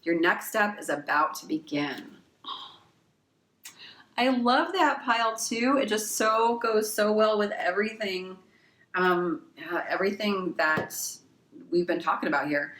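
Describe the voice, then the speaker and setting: A woman's voice: medium pitch, unhurried, fairly bright tone, roomy sound. A woman giving a casual pick-a-card tarot reading. She reads oracle card messages aloud and gushes with emotion, swearing casually along the way.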